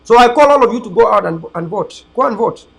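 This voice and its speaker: High-voiced, preachy man. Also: animated, fast talker, gravelly, poor audio. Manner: emphatic, preachy, repetitive. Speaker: host of an online political channel. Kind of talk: rambling livestream monologue to viewers.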